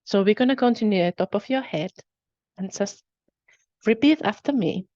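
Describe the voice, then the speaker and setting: A woman hosting a webinar, guiding a tapping exercise with calm, repetitive phrases to repeat after her. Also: mid-range voice, moderate pace, no echo, dull audio. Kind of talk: guided repeat-after-me instruction.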